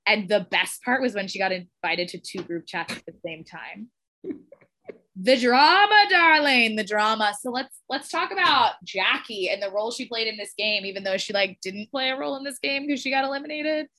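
A woman's voice: medium pitch, expressive, a little fast, hardly any pauses, pushed and bright. A young woman hosting a podcast, steering the casual chat playfully. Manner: leads the discussion, playful. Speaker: podcast host.

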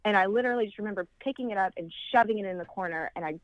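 Brief: grieving woman guest, rambling, animated quotes, mid pitch, dry sound. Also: rapid-fire, no room sound, lo-fi sound. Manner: rambling, acts out quoted voices with big jumps in pitch. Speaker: podcast guest. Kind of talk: casual conversational storytelling.

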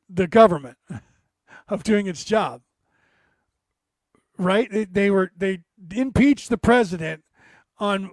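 A man's voice: sits high, darkish tone, dry recording. A middle-aged American man ranting about politics, sarcastic and mocking. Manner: ranting, sarcastic, mocks opponents in put-on voices. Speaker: commentator. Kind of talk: political rant.

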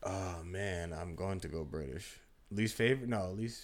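A man co-hosting a casual podcast chat, animated and swearing, laughing often. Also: low-pitched, moderate pace. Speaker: podcast co-host.

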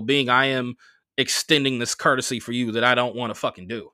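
A young man hosting a podcast, telling a personal story in a casual, animated way, with lots of swearing and quoted dialogue. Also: mid-range voice, brisk, no room sound, clean studio sound. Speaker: podcast host.

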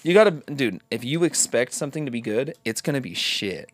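A man's voice: mid-range voice, animated, a little fast, no room sound, studio quality. Profane ranting man on a podcast. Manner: swears freely, ranting and joking. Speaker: podcast co-host. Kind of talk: casual podcast chat.

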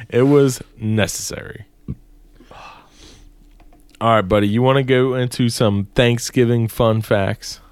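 A man's voice: mid-range voice, steady tone, takes it slowly, long pauses, smooth, dry recording. A man co-hosting a casual podcast chat, speaking emphatically and swearing freely as he argues a point. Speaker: podcast co-host.

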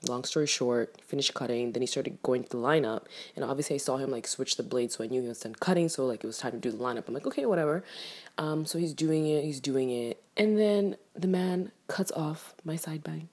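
A young woman telling a casual storytime rant to camera, animated and exasperated, swearing freely. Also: a bass voice, brisk, hardly any pauses. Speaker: vlogger.

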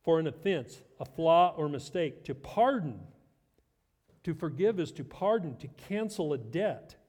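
A man's voice: on the high side, expressive, measured pace, darkish tone, big-room sound. A middle-aged man preaching a sermon as pastor, conversational and self-deprecating with light humor.

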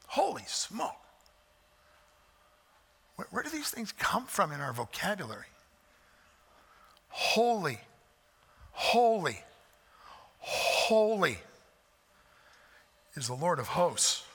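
A man preaching a sermon, emphatic, swelling loud on repeated phrases, with folksy asides. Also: high voice, huge pitch swings, a little slow, creaky, long pauses, husky. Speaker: pastor. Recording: long hall reverb.

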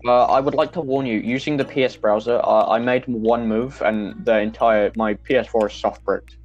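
A man's voice: medium pitch, steady tone, moderate pace, darkish tone, dull audio, soft background music. A young man co-hosting a casual podcast, teasing his friends in a dry way. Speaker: podcast co-host. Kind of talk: casual chat.

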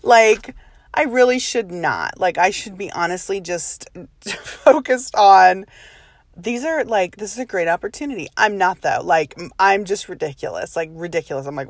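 A woman's voice: lowish voice, moderate pace, no room sound. A woman in her thirties telling a personal story in a chatty, self-deprecating way, laughing often and rambling through asides. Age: 30s.

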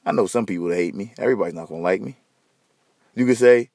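A man's voice: fairly low pitch, rapid-fire, no echo, clean studio sound. A man hosting a podcast alone, sleepy and rambling, swearing loosely as he talks. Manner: profane, loose, tired and rambling. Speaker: podcast host. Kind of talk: casual solo rambling monologue.

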